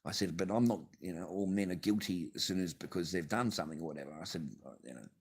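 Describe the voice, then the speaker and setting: Recording in his home garage, an Australian vlogger delivers a loose, cuss-filled story straight to camera with bouts of laughter. His voice sits low, slightly rough, at a quick pace, and the whole thing is a casual, profane rant.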